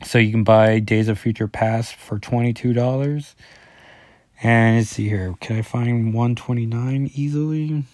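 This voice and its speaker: Give me a man with a dark, low voice, recorded close and dry, talking through a comic issue in a loose, meandering review. He is a dad who keeps backtracking and correcting himself mid-sentence. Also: steady tone, a little slow, no room sound. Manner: rambling, with frequent fillers and self-corrections. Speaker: father. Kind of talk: casual solo review, reading through an issue.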